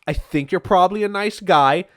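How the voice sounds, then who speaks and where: A man's voice: high voice, moderate pace, a bit bright. A man voicing a cocky young male hedgehog hero during a comic read-aloud, stammering in a casual, dismissive manner.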